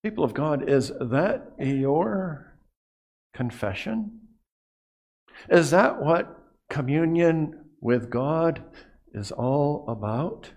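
A man preaching a sermon as a pastor, earnest, often dropping to a hushed voice on key phrases and repeating words as he goes. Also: a little high, lively intonation, extremely slow, pauses often.

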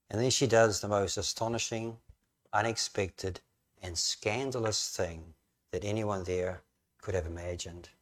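A man preaching a sermon, telling the story vividly and rising to emphatic questions. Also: on the low side. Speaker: pastor.

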